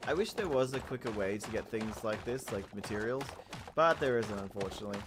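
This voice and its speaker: An adult gaming host talking through a playthrough in casual let's-play commentary, rambling with restarts and swinging from mumbled asides to loud outbursts. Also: mid-range voice, animated, a little fast, noisy background. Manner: chatty, rambling with fillers and restarts. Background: game music.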